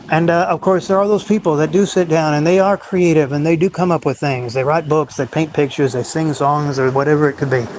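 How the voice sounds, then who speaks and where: A man hosts a solo livestream, rambling on in a brooding, bitter monologue about life. His voice sits somewhat high for a man. A clear, steady noise runs under the phone recording. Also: brisk, low-quality recording. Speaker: livestream host.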